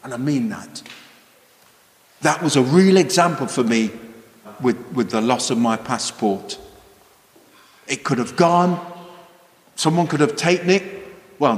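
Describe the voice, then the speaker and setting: Man, children's sermon, high lively voice, slow unhurried delivery, echoey hall. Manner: animated, exclaiming, asks children questions. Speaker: preacher.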